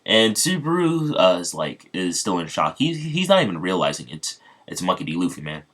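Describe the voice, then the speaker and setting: A man's voice: low voice, very animated, moderate pace, a bit bright. A man casually retelling an improvised fan story, rambling with many fillers and restarts.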